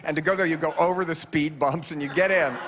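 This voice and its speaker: A man, telling wry deadpan stories in a stand-up monologue in front of a live audience. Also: fast talker, background noise. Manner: wry, deadpan storytelling with sudden high-pitched quoted voices. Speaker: comedian telling stories on stage. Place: live lecture hall with audience.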